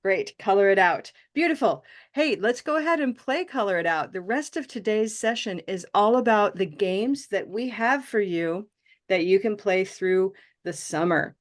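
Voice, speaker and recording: A woman leads an online pronunciation class, speaking through a video call mic. She praises her students warmly and stretches out vowel sounds so they can copy them. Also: mid-range voice, expressive. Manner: encouraging, models vowel sounds slowly. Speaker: pronunciation teacher.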